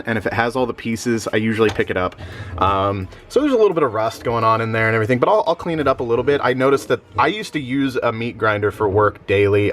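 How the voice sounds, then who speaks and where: Young male reseller vlogger, drowsy and rambling, medium pitch, light background hum. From Missouri. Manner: rambling, filler-heavy, animated jumps in pitch. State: sleepy. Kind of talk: casual chat.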